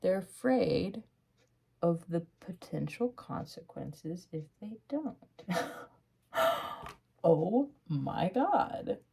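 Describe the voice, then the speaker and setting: A tarot reader with a fairly low, slightly rough voice loosely talks through a spread, getting excited, laughing often and swearing casually. She calls the listener honey and drops to a soft hush for advice, speaking extremely slowly with vocal fry and long pauses.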